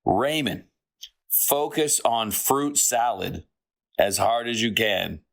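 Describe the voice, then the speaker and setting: A man voicing a telepathic hero character with a gravelly voice, speaking an intent message higher than his own voice. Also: expressive, slow pace, fairly bright tone, heavily acted. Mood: urgent.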